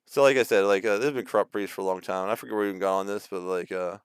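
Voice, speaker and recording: A man's voice: low-pitched, steady tone, rapid-fire, smooth, dry recording. A man in his thirties, casually ranting in a rambling monologue full of fillers and restarts. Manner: acts out quoted voices mockingly. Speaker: video host.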